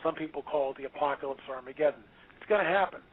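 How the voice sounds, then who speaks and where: A male author talking as an interview guest, emphatic and preachy, quick to exclaim. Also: a little high, breathy edge. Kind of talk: animated interview talk. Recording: tinny phone-line audio.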